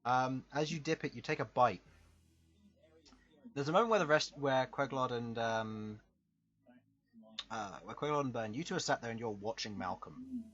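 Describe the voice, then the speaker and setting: Unhurried male game master, lo-fi. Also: medium pitch, lively intonation, fairly bright tone, slightly rough. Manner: descriptive, unhurried, chuckling between lines. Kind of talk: narrating a tabletop game. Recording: dull lo-fi sound, faint music.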